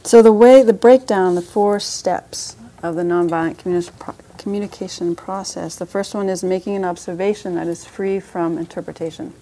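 A woman's voice: fairly low pitch, steady tone, moderate pace, hardly any pauses, dark tone, slight background noise. A woman teaching a parenting class as a meditation teacher, talking conversationally with frequent restarts and light laughs.

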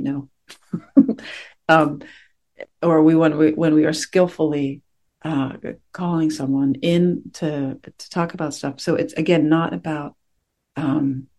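A woman meditation teacher giving a dharma talk to her class, gentle and reflective, pausing often as she searches for words. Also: sits low.

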